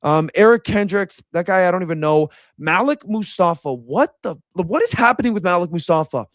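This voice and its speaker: A man's voice: high-pitched, animated, brisk, fairly bright tone, dry recording, studio quality. A young man giving a casual, frustrated reaction rant as a sports commentator, repeating himself as he vents.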